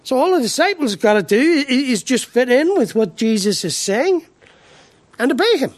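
A man's voice: extremely high pitch, sing-song, normal speed, dry recording. An Irish man preaching a sermon, emphatic, asking rhetorical questions and often repeating his first word as he restarts. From Ireland.

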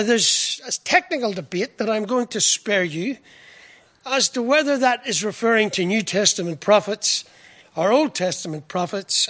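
High, bright-voiced preacher giving a sermon. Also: male voice. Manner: earnest, repeats words, asks the listeners questions.

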